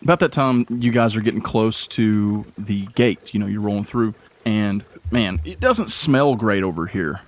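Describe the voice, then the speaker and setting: A man's voice: lowish voice, expressive, normal speed, few pauses. A man narrating as game master of a tabletop game in a casual, rambling way. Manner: casual, rambling, many fillers.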